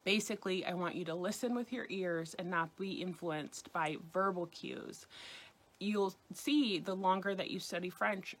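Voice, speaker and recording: An American woman in her thirties with a New York accent, teaching French pronunciation in a scripted, clear and deliberate way. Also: on the low side, fairly bright tone. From United States. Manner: clear, deliberate, careful over-enunciation of example words. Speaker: French teacher on a video channel. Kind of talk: scripted language lesson.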